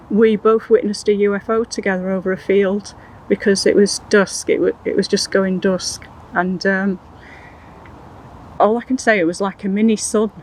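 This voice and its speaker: An older woman recounting her personal experiences in an interview, in an earnest, halting way with many restarts. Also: medium pitch, a little hiss or hum, rough recording. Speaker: interview guest.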